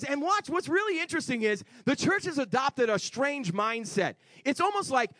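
Male preacher, high and animated pitch, emphatic sermon with shouted peaks and soft asides. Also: moderate pace, few pauses, no echo, studio quality. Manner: emphatic, swings between shouting and quiet asides. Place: church before a congregation.

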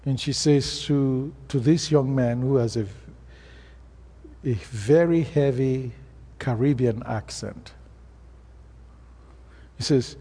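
African-accented man preaching in a church hall, warm dark voice, long echo all around. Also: medium pitch, slow pace, pauses often, slightly rough. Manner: storytelling preacher, plain and earnest. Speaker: pastor. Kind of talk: sermon.

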